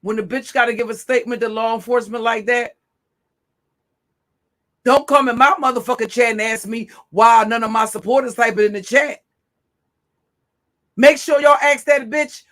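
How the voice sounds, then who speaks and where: Give me a woman livestream host ranting at her chat: cursing, taunting and confrontational, with a high, bright, cutting voice. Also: steady tone, normal speed, long pauses.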